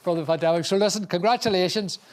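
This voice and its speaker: A man with a high-pitched voice and quick pace hosts an awards ceremony. He's chatty and jokey, often restarting his sentences.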